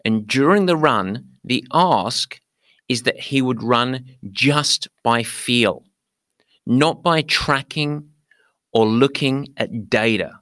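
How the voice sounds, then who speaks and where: Lively podcast coach, dry close sound. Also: male voice, medium pitch, slow, no echo. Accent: not American. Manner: lively storyteller, talks to listeners directly. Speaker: running coach. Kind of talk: podcast monologue.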